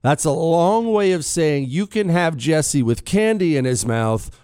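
A man's voice: a little high, expressive, measured pace, darkish tone, clean tone, no echo, studio quality. A man hosting a talk radio show, speaking in a blunt, sarcastic, conversational way while losing his voice. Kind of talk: opinionated talk radio monologue. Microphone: studio microphone.

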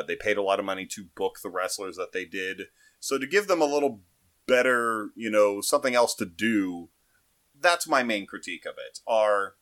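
A man talks through his critique of a film in relaxed, hesitant podcast chat, with a sarcastic edge. His voice sits fairly low. The recording is dry and close. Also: no echo. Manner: laid-back, hesitant, sarcastic. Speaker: podcast co-host. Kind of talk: casual movie review chat.

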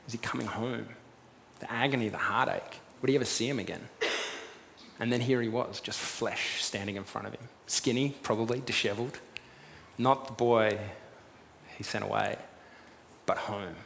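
A man preaching a sermon, retelling a story in a lively way and acting out what its figures say. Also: lowish voice, normal speed, creaky. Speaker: pastor. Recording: long reverb with faint room noise.

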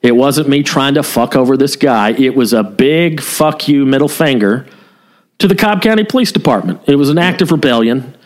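A man's voice: medium pitch, expressive, moderate pace. Profane, candid man telling a story. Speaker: podcast co-host, former police officer. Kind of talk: casual storytelling podcast chat.

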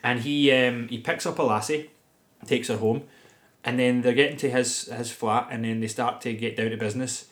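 A man's voice: medium pitch, fairly even intonation, normal speed. A man, co-hosting a podcast and recapping a film from his notes in casual chat, laughing often. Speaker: podcast co-host.

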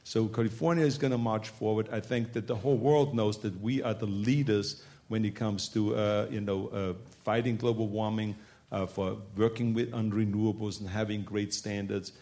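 A man's voice: lowish voice, fairly even intonation, moderate pace, dark tone. A man speaking as governor in a panel discussion, emphatic and repetitive, with frequent fillers.

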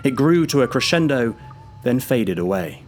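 A man narrating a story in a measured, grave and vivid way. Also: medium pitch, big pitch swings, soft background music.

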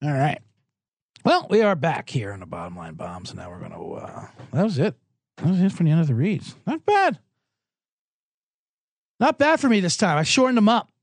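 A man's voice: fairly high pitch, sing-song, moderate pace, vocal fry, long pauses, no echo. Rambling, sarcastic male podcast host. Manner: rambling, sarcastic rants with self-deprecating jokes. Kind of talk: solo sports betting podcast with ad reads.

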